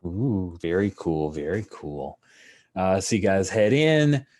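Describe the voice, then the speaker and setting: A man with a fairly low voice runs a tabletop baseball game over an online call. He talks loosely and warmly, full of "uh"s, slipping into sportscaster patter as he sets up each play. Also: slow. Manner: relaxed, chatty, full of fillers, commentator flourishes. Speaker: game master. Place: online call with screen sharing.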